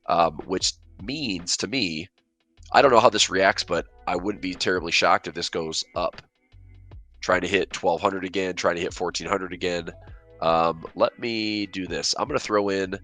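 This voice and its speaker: Deep-voiced man thinking aloud about trades. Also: pushed and bright. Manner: thinking aloud, hesitant with many fillers. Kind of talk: casual market commentary.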